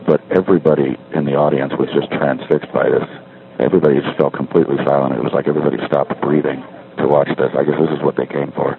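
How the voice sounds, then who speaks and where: Deep-voiced middle-aged guy talking from a street payphone, wry and meandering, thin phone sound, faint street hiss. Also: flat delivery, quick pace, creaky. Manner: meandering, self-correcting, wry. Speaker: caller leaving a spoken diary. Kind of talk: rambling casual monologue. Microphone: payphone handset. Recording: tinny payphone line with faint street noise.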